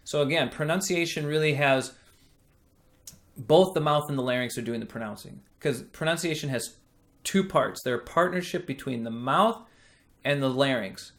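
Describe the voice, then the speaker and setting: A man teaching singing, explaining vocal technique patiently and demonstrating sung vowels. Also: medium pitch. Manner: slow, patient, thoughtful delivery.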